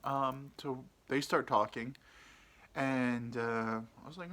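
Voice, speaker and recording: A young man rambles through a crude bar story on his podcast, mocking himself as he goes. His voice is bright and forceful, and he keeps stopping for ums and uhs. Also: medium pitch, a little slow. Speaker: podcast host. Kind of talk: casual storytelling.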